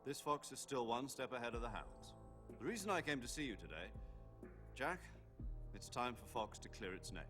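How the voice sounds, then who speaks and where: An actor playing a middle-aged military commander, calm and authoritative, briefing an agent in a video game cutscene. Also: male voice, medium pitch, moderate pace, over music, close to an everyday voice.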